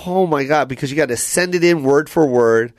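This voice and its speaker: A man co-hosting a podcast, telling stories in a loose, animated way with lots of fillers and acted-out voices. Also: on the high side, brisk, no echo, studio quality. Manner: animated storyteller, many fillers, acts out voices. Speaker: comedian and podcast co-host. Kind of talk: casual storytelling chat.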